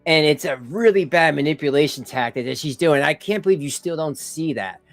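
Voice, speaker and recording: A man's voice: fairly high pitch, a little fast, a bit bright, no room sound, faint music behind. A man doing casual live-stream commentary, rambling with lots of "you know" and "like" and asides to his viewers. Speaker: live streamer reacting to videos.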